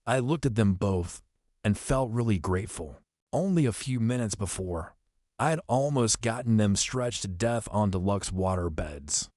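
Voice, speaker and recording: A man narrating an audiobook in the first person, in a steady, descriptive storytelling manner. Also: on the low side, unhurried, no echo, clean studio sound.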